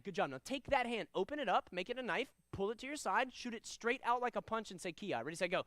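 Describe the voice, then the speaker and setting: A young man teaching a karate class, switching between loud commands and relaxed, chatty explanations to students. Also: sits high, fast talker, no room sound. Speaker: karate instructor. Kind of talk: teaching a live martial arts class.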